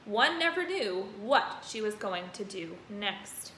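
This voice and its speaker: Teacher reading aloud in an echoey room. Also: female voice, medium pitch, sing-song, a bit bright. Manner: storytelling, pausing to point out pictures. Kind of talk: reading a children's book aloud. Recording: roomy echo, faint noise.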